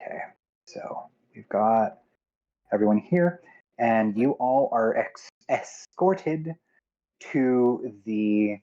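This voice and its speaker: A man narrating a tabletop game as game master, unhurried and halting. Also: medium pitch, lively intonation, dark tone, dull audio.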